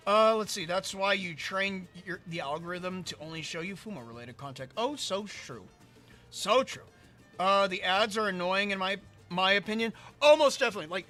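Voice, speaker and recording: A hoarse man losing his voice, ranting in casual let's-play commentary and reading chat aloud. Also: high-pitched, bright, forceful tone. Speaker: gaming streamer.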